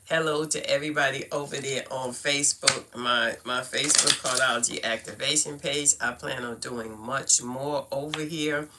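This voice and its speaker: A woman's voice: deep voice, sharp tone, a little hiss or hum. A middle-aged woman from Brooklyn with a Brooklyn accent, chatting casually with viewers on a livestream, laughing often and making playful asides. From Brooklyn, New York. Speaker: livestream host teaching cardology.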